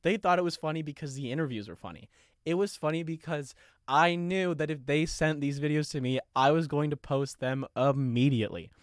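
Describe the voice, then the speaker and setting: This young podcast host tells a story in a casual, profane, animated way, laughing frequently. He speaks a little fast and sits on the high side. The audio is studio quality, with no echo.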